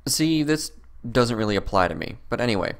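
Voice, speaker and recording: Sarcastic man with a lively voice. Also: fairly quick. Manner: mocking, exasperated, mimics opponents in high voices. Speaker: commentary video host. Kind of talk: sarcastic rebuttal commentary.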